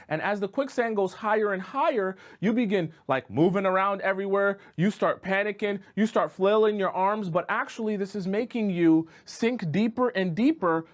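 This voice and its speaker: A man giving relationship advice as a coach, talking casually and checking in with "right?" and "okay?" as he acts out examples. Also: sits high. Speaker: dating coach. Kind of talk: advice monologue to camera.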